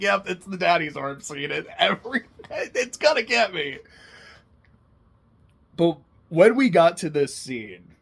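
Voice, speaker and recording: Young male anime host, slightly high voice, emotional and laughing, casual, swears a lot. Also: creaky. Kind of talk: casual personal commentary.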